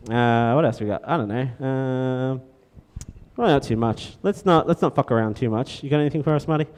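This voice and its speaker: A man's voice: medium pitch, fairly quick, a little mellow, clean tone. An Australian man hosting a live comedy show, loose and rambling, with lots of fillers and swearing. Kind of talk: casual stand-up banter. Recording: live room with long reverb.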